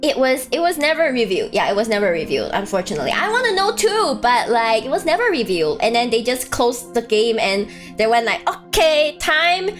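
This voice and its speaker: Woman animated streamer, high voice, laughs often. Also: fast talker, few pauses, soft background music. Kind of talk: casual live-stream chat.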